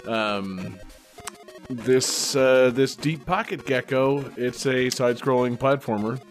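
A man's voice: medium pitch, slow, soft background music. A man with a Boston accent chatting casually on a podcast, rambling with many fillers and laughing often. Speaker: podcast co-host.

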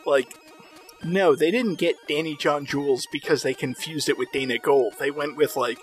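A man co-hosting a podcast in casual chat, quick with a wisecrack. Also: on the high side, soft background music. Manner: wisecracking, animated. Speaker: podcast co-host.

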